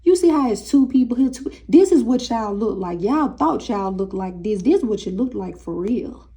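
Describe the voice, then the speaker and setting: A young woman reading tarot cards in a loose, sassy way, teasing her viewers as if they were friends. She speaks, and her voice is gravelly and mellow. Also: a little high, animated, normal speed. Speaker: tarot reader.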